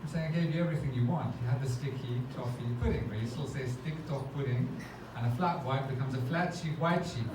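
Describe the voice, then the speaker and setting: A man's voice: medium pitch, fast, few pauses, distant mic. A man hosting a stand-up comedy night, telling rambling self-mocking stories on a club stage. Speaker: comedy show host. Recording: very echoey club, noisy audience ambience.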